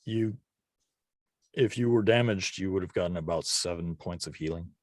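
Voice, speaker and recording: A man running a tabletop game as game master, narrating scenes in an unhurried, descriptive way with the odd chuckle. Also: deep voice, no echo, studio quality.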